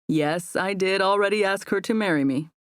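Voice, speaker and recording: A woman's voice: medium pitch, moderate pace, no room sound, close to an everyday voice. A woman voicing a laid-back young man who teases in a dry, matter-of-fact way. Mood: teasing.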